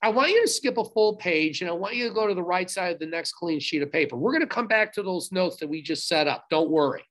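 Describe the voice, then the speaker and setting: A man's voice: sits high, expressive, quick pace, fairly bright tone. Emphatic man giving a recorded history lecture. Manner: emphatic, repeats instructions, asides to the class. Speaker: history teacher. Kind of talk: recorded video lecture to students.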